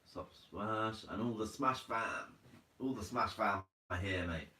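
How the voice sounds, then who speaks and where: A man's voice: lowish voice, animated, measured pace, bright, forceful tone. A man hosting a casual live stream, chatting easily with viewers, reading their comments aloud and laughing often. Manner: laid-back, chatty, laughs often, says mate a lot. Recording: roomy sound from a distant mic.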